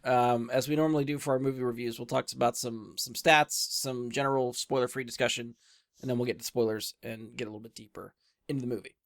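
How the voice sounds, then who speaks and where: A man's voice: mid-range voice, quick pace, no echo, studio quality. A man hosting a casual movie review podcast, laughing easily and leading the talk. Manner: laughs often, relaxed hosting. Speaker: podcast host.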